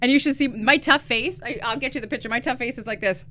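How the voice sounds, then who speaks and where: A woman's voice: fairly high pitch, fast talker, background noise. A woman co-hosting a podcast, chatty and bubbly in casual conversation. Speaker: podcast co-host. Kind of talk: casual chat.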